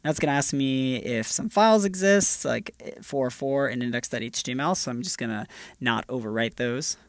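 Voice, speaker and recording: A developer advocate with a fairly high voice presents a screencast tutorial, walking through each step in an upbeat, casual manner. The studio sound is clean, with no echo.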